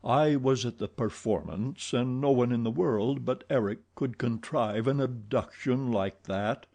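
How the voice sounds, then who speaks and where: A mysterious older man, as a male narrator plays him, speaks slowly and gravely, weighing every word. His voice is warm and mellow, pitched near the narrator's own, in a classic audiobook reading. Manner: slow, grave, sighing.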